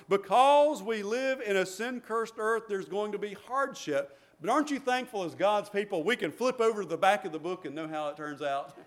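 A middle-aged male preacher giving a conversational sermon, repeating words and chuckling between points. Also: sits high.

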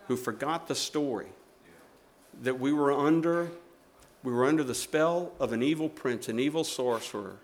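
A middle-aged or older male preacher giving a sermon. He tells stories with emphasis and repeats his phrases, moving between loud and hushed delivery. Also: mid-range voice, slight background noise.

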